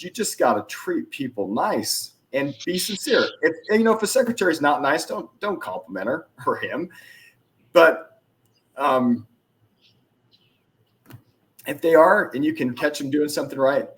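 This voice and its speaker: Male podcast guest, mid-pitched, animated storyteller voicing the people in his anecdotes. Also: moderate pace. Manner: animated, acts out dialogue in anecdotes. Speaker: podcast guest, influence expert. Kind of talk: casual storytelling interview.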